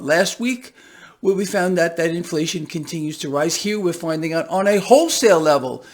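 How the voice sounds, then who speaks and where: Finance blogger, American man, high-pitched, mocking and animated delivery. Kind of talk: casual market commentary.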